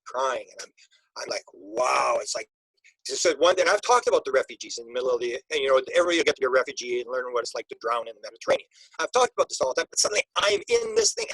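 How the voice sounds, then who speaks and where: A man, an interview guest, telling an emotional personal story in a halting way, with many restarts and repeated words. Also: mid-range voice, a bit bright, breathy edge, dry recording, poor audio.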